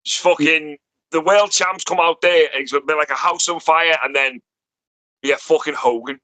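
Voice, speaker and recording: A man talking animatedly on a podcast, full of swearing and big comparisons. His voice is bright and sharp, and it sits a little high. The sound is dry and close. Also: normal speed, dry recording, poor audio. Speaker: podcast guest. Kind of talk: casual chat.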